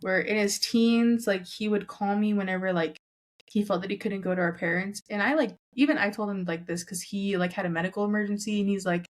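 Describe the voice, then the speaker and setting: A woman's voice: medium pitch, fairly quick. A young woman from Southern California, a podcast guest chatting casually and filling her talk with "like". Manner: chatty, heavy use of "like", acts out family members' lines. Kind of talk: casual chat.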